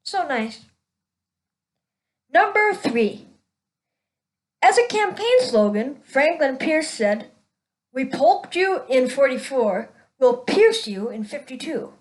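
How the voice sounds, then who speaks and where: A woman's voice: high voice, sing-song, slow, long pauses, rough recording. A woman hosting her own show, telling a string of jokes and laughing at her own punchlines. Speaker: show host.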